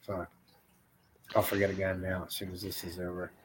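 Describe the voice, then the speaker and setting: A man's voice: low voice, monotone, a little fast, background noise. A man hosting a podcast, tired and laid-back, rambling casually and swearing. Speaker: podcast host. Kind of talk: casual chat.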